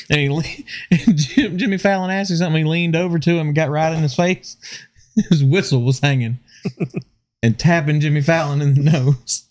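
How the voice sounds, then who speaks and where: A man's voice: on the high side, fairly even intonation, fairly quick, a little mellow. A man telling a story and joking among friends on a casual podcast, swearing freely and laughing often. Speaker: podcast host. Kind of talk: casual chat. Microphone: podcast microphone.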